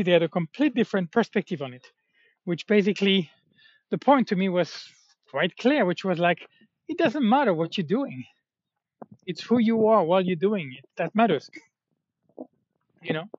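A man talking in a rambling, casual monologue, full of fillers and self-corrections. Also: high-pitched. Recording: dull, slightly muffled, dry sound.

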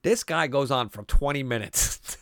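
A man's voice: mid-range voice, measured pace, vocal fry, no room sound. A man talks through a film's plot with a friend in a loose, swearing podcast chat. He drops into mocking voices for the characters' lines. His voice sits in a middle range and sounds dry and close. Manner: animated, profane, acts out quotes in a mocking voice. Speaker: podcast co-host. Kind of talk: casual chat recapping a film.

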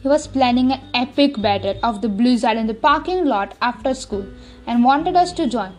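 A woman with a fairly high voice reads a first-person novel aloud in a steady, lightly expressive way. Faint music plays underneath the narration. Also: moderate pace. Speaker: audiobook narrator.

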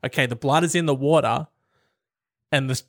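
A man's voice: mid-range voice, normal speed, gravelly, no room sound. Wry man telling a story, dry sound. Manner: wry, animated storytelling with swearing. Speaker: podcast co-host reading questions. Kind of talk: casual chat.

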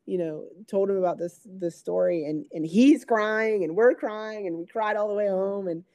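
A woman, a recreational therapist, telling an emotional story in an interview, lively, acting out quoted voices with many fillers. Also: mid-range voice, normal speed, no room sound, studio quality.

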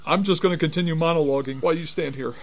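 Melodramatic man with a slightly high voice. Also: very fast. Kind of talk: improvised comedy play. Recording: crowd noise behind.

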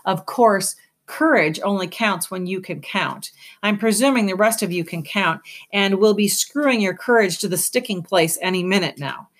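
In an audiobook, a woman with a medium-pitched, ordinary-sounding voice at normal speed plays a weary, cunning male giant rat. She drawls his lines languidly, full of mockery.

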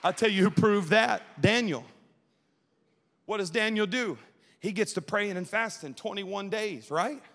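A young man with a high, slightly bright voice preaches a fervent Pentecostal-style youth sermon at an evening church service, speaking unhurriedly. He draws call-and-response from the crowd in a rhythmic preaching cadence. The large sanctuary gives the recording a long reverb.

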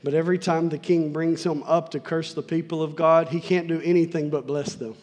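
A man preaches with fervor, repeating key lines to drive them home. His voice sits high for a man. A long reverb from the sanctuary trails each phrase. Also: steady tone, brisk, a little mellow. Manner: fervent, repeats lines for emphasis. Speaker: pastor. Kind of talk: sermon. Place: church sanctuary.

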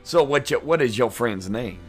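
Hot-tempered man with a lively voice. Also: mid-range voice, soft background music. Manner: hot-tempered, quick to get worked up. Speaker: comedy co-host. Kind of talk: improvised comedy banter.

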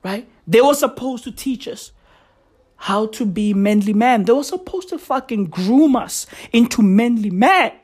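Male comic host, slow, rubbery ranting delivery, shouting one moment and muttering the next, with mock outrage throughout. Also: very high-pitched, animated. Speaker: comedy podcast host. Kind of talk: profane comedic rant.

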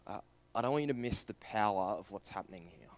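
A young man preaching a sermon, earnest and questioning, moving from raised emphasis to hushed, quiet passages. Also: on the low side, animated, quick pace.

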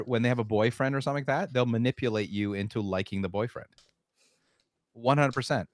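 A man's voice: mid-range voice, brisk, dry recording, studio quality. A middle-aged man co-hosting a podcast in casual chat, emphatic and repetitive as he gives fatherly advice. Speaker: podcast co-host.

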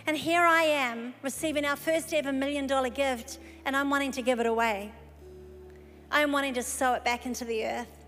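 A woman preacher telling a story in a sermon, animated and lively, breaking into excited exclamations. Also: high-pitched, normal speed, soft background music. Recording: live hall recording with long reverb.

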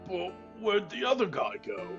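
A man playing his character in a tabletop game, excitable and curious. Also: high-pitched, normal speed, lo-fi sound, over music. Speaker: player. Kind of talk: tabletop role-play in character.

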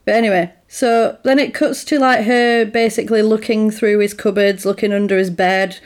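A woman chatting loosely about a film, voice sitting at an ordinary middle pitch. She rambles and hedges with filler words as she walks through the plot, casual and unscripted. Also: fairly even intonation, normal speed. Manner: rambling, full of "like" and "sort of". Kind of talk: casual chat recapping a film.

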